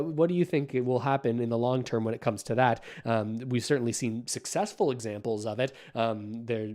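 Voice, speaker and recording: Guy doing live-stream commentary, skeptical, measured, lots of ums and uhs. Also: mid-range voice, a little mellow. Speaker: political commentary host.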